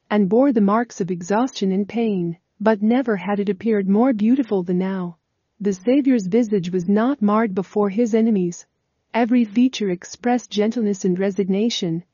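Woman narrator, mellow dark tone, steady measured reading, dull lo-fi dry recording. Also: medium pitch, dry recording. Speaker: audiobook reader. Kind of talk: scripted narration of a religious text.

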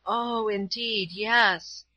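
A woman voicing a frail, dying old woman who speaks weakly and slowly with gratitude. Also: mid-range voice, steady tone, pushed and bright, no room sound, exaggerated voice, poor audio. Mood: faint.

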